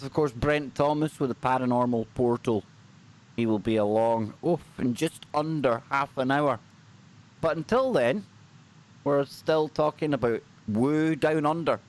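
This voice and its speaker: A Scottish man co-hosting a paranormal livestream, chatting casually and upbeat, often repeating phrases for emphasis. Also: medium pitch. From Scotland.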